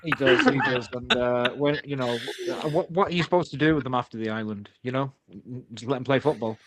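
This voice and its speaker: A man's voice: mid-range voice, fairly quick, crowd noise. A man, ribbing his friends in a mock-serious tone during stream banter. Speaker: co-host. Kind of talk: casual banter on a gaming stream.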